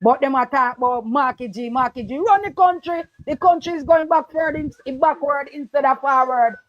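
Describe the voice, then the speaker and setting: A high-voiced woman with a strong Jamaican Patois accent calls in on a political stream, fervent and emphatic, hammering each point again and again. Her line sounds a little muffled and dry, with no room echo around her. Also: moderate pace. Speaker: caller. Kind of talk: impassioned political call-in talk.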